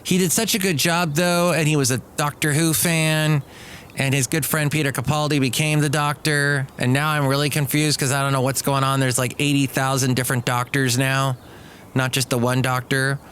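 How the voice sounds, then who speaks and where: A man's voice: mid-range voice, flat delivery, normal speed, a bit bright, a little hiss or hum. A man hosting his own daily podcast, rambling and joking through his complaints. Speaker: podcast host. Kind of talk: casual solo podcast monologue.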